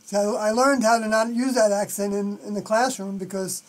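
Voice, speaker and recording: A live stream host with a New York accent, thinking aloud through scripture commentary and often trailing off softly. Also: mid-range voice, flat delivery, normal speed.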